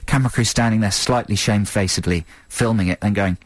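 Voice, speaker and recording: A British man co-hosting a radio show, telling stories in a wry, animated way during casual banter. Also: on the low side, fast, no echo. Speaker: radio co-host.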